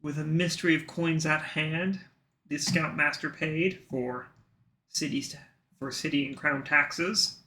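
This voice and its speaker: Gravelly-voiced man running a tabletop game. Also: fairly high pitch, fairly even intonation, a little slow, pushed and bright, a little hiss or hum. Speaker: dungeon master.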